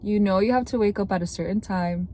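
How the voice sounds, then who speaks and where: A woman's voice: medium pitch, quick pace, darkish tone, slight background noise. A young woman with a sore throat giving chatty, earnest advice to the camera as a content creator, filling her talk with "like". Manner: chatty, earnest, with many "like" fillers. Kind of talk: casual talking-to-camera advice.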